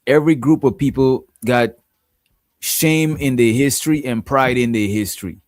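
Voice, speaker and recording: A man's voice: mid-range voice, moderate pace, no room sound, clean studio sound. A man from Guyana with a Guyanese accent, hosting a casual livestream and rambling, often asking "you know what I'm saying". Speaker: livestream host.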